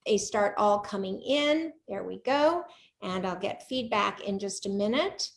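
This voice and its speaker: A woman's voice: medium pitch, animated, measured pace, creaky. A woman in her sixties hosting a live online chat show over a video call, bubbly and chatty, laughing often. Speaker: host of a live cooking show interview.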